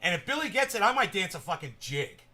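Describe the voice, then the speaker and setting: Man, casual rambling vlog host, bright edgy voice, slightly high, loud then mumbled, faint room hiss. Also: big pitch swings, fast talker. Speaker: cannabis vlogger. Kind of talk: casual stoned chat to viewers.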